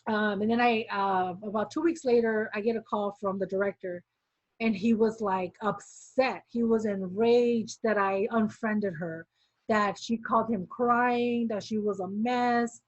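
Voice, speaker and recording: A woman's voice: medium pitch, fairly even intonation, measured pace, dry recording. A woman casually telling her story as a former movement member, acting out quoted dialogue with many "like" fillers. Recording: dull, dry sound.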